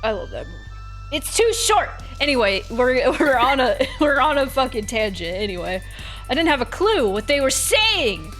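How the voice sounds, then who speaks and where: A woman reads a visual novel aloud and keeps slipping into chat. Her voice is slightly high and very animated, full of laughs and big pitch swings. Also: moderate pace, soft background music. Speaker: streamer reading a visual novel. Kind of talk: narrating a story and chatting.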